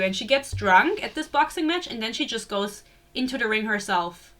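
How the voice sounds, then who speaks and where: Bright-voiced woman ranting about books. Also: on the high side, animated, normal speed. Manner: blunt, profane, exasperated. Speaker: book reviewer. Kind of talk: casual book rant.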